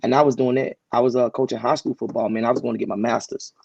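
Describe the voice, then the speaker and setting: A man who coaches high school sports tells his story as a podcast guest, relaxed and stumbling over restarts. His mid-pitched voice is gravelly. The recording is dry and slightly muffled. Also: quick pace, dry recording. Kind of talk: casual interview storytelling.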